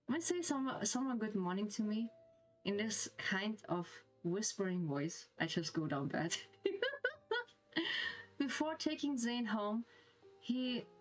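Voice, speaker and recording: A woman's voice: mid-range voice, rough recording. A woman streamer with a German accent who reads a game story aloud and reacts with giggly, gushing comments.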